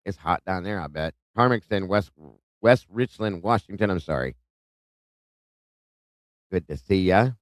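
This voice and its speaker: A man from Ohio hosts a live stream at home, casually welcoming viewers by name and reading out what they comment. His deep voice is animated, with a measured pace and frequent pauses, in a dry recording.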